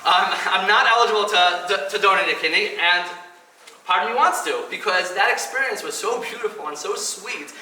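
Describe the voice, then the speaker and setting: A man's voice: sits high, a little fast, bright, forceful tone. A man in his thirties giving a personal speech at a kidney donation event, telling his story earnestly and acting out the voices he quotes. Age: 30s. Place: event hall. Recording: echoey hall, mic at a distance, faint noise.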